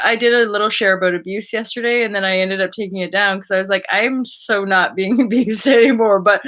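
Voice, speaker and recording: A young woman hosting a live stream and chatting casually to her viewers in a spiritual, rambling way, full of fillers and quick asides. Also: mid-range voice, pushed and bright.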